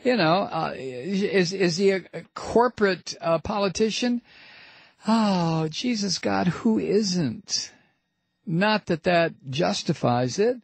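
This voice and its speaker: A man hosting a talk radio show, giving sarcastic, mocking commentary with halting starts. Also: high-pitched, expressive, gravelly, slightly rough, no room sound. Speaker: radio host.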